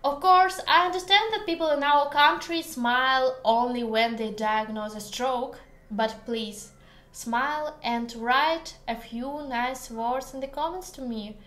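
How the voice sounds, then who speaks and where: A woman's voice: high voice, fairly bright tone. A Russian-accented woman teaching a casual language lesson at home, speaking careful, hesitant English with a joking streak. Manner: slow, careful, hesitant English with many pauses; playful, joking. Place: home kitchen. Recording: echoey kitchen room.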